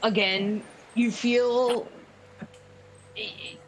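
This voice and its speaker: Brief: woman game master, slow, rambling narration, faint noise behind. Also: fairly high pitch, steady tone, rough recording. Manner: unhurried, with many fillers and restarts.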